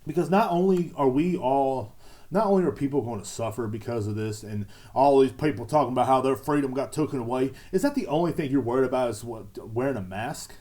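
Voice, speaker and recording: A man's voice: mid-range voice, animated, brisk, warm tone. A young man hosting a solo podcast from home, ranting in a sarcastic, profane, mocking way. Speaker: podcast host. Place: at home, sitting indoors.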